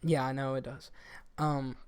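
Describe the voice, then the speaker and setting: A young man co-hosting a podcast, talking in a loose, rambling way and swearing a lot. His voice is smooth and clear, and it sits at a middle pitch. The sound is dry and close, with no room around it. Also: measured pace, dry recording. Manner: rambling, profane, animated when quoting people. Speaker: podcast co-host. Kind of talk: casual chat.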